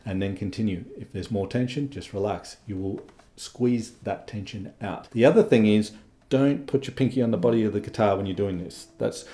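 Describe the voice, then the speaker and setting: A man's voice: on the low side, normal speed, dark tone. A man teaching a guitar lesson, explaining patiently and often checking in with "okay?" between guitar demonstrations. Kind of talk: instructional lesson.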